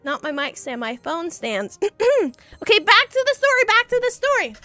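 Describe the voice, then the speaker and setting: Bright, very high young woman; lively, giggly streamer reading a storybook to chat, dry close sound. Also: normal speed, no room sound, soft background music. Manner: chatty, giggly, talks to chat, breaks off into jokes.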